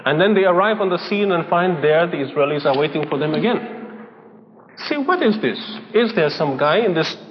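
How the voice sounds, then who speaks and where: A man's voice: a little high, expressive, moderate pace. A man preaching a sermon, telling a story and acting out its dialogue, often laughing as he goes. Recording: old lo-fi recording in a reverberant hall with faint noise.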